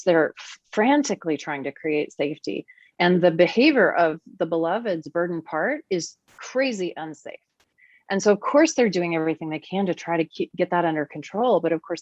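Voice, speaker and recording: On a podcast, a therapist and teacher appears as a guest and earnestly lays out her ideas, laughing now and then. Her voice is fairly low, and the recording sounds dry and dull.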